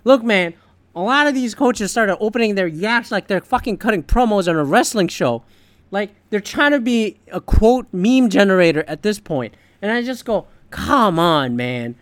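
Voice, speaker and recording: A man's voice: high voice, lively intonation, normal speed, dry recording. A man hosting a podcast, delivering a heated, profane, opinionated sports rant in casual talk. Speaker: podcast host.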